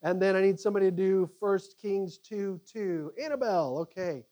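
Guy teaching a bible class, animated and chatty, keeps restarting his sentences. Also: high voice, highs cut off. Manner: animated, conversational, halting restarts. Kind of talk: Bible study teaching to a group.

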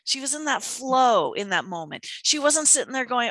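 A woman's voice: a little high, moderate pace, hardly any pauses, no echo. A woman in casual conversation, telling stories animatedly and acting out quotes. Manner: animated, storytelling with acted-out quotes. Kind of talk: casual chat.

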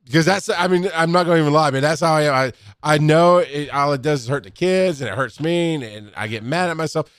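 A middle-aged man co-hosting a podcast, telling a story in casual chat, swearing freely and loudly acting out quotes. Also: on the high side, quick pace, few pauses, clean tone, no echo, clean studio sound. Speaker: podcast co-host.

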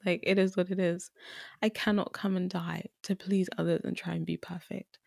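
A woman's voice: fairly low pitch, flat delivery, normal speed, gravelly, a little mellow, dry recording. Young female podcast host, earnest and teary, dry close sound. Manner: earnest, emotional, repeats herself for emphasis. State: tearful at times. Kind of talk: candid solo podcast talk.

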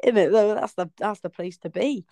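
A woman's voice: mid-range voice, brisk, mellow, no echo. A young woman with a West Country accent, co-hosting a casual podcast chat, laughing often and throwing in sarcastic, sweary asides. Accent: West Country English. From West Country, England. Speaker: podcast co-host.

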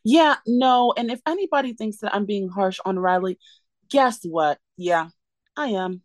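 A woman's voice: mid-range voice, moderate pace, dry recording. A woman co-hosting a podcast, ranting sarcastically and emphatically in a casual recap chat. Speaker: podcast co-host.

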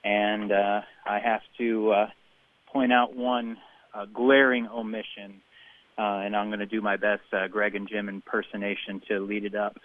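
A man's voice: fairly low pitch, little pitch movement, moderate pace. A man leaving a wordy voicemail for a radio show, full of "uh" fillers. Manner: filler-heavy, wordy, enthusiastic. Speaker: caller. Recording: dull phone message.

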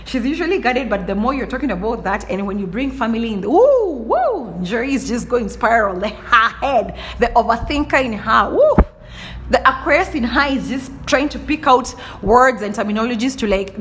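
A woman's voice: medium pitch, a bit bright, a little hiss or hum. A young woman hosting a casual monologue, talking bluntly and with lots of animation, often restarting her sentences and throwing in playful exclamations. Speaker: podcast host.

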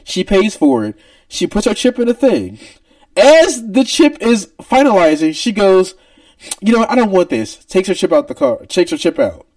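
A man's voice: high voice, normal speed, no room sound, recorded from a distance. A man co-hosting a podcast, telling a retail story casually and acting out angry customers. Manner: animated, mimics shouting customers. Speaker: podcast co-host.

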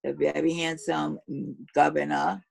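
Hoarse, gravelly podcast co-host woman. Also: deep voice, flat delivery, dry recording, poor audio. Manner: slow, halting delivery with many pauses. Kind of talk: casual news chat.

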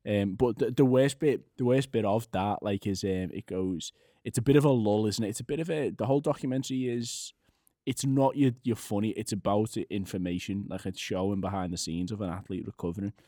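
A man's voice: on the low side, a little fast, mellow, no echo, clean studio sound. A man co-hosting a podcast in casual chat, rambling and laughing often as he trails off mid-sentence. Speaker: podcast co-host.

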